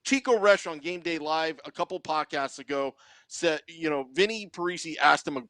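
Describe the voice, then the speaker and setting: Male co-host, methodical analyst, slightly high voice, dry close mic. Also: normal speed, pushed and bright, no echo. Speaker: podcast co-host. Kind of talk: sports analysis chat.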